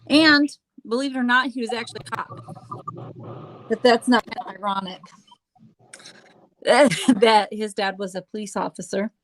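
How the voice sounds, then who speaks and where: A woman hosting a casual true-crime chat, halting with fillers and restarts and dropping sarcastic asides. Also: fairly high pitch, fairly bright tone, rough recording. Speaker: host.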